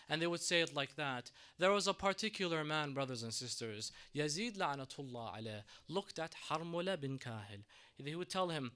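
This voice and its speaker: A man giving a sermon in a mosque, telling a story dramatically, swinging between hushed and raised delivery. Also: fairly high pitch, expressive, brisk. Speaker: mosque lecturer.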